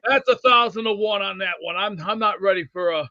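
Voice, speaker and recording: A man playing a cranky, blustery older male sports fan who rambles and rants excitably. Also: high voice, a little fast, no room sound, heavily acted. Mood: ranting. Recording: dull dry lo-fi sound.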